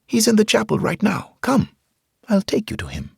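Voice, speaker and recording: A man voicing a short, thin, middle-aged preacher with a Spanish accent who talks calmly and gently, as if to a child. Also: sits high, normal speed, creaky, breathy edge, dry recording, clean studio sound, pitched above the performer's own voice, heavily acted. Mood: serene. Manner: calm, gentle, speaks as if to a child.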